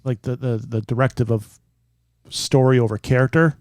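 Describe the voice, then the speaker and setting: A man co-hosting a podcast in casual chat, cracking quick jokes. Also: mid-range voice, fairly even intonation, darkish tone, no room sound, studio quality. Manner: quick, joking, wisecracking. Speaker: podcast co-host.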